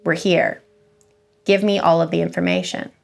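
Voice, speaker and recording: A woman voicing a gruff, stern male government agent with an American Western drawl, talking slowly and bluntly. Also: fairly low pitch, little pitch movement. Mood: commanding. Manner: slow, blunt and commanding.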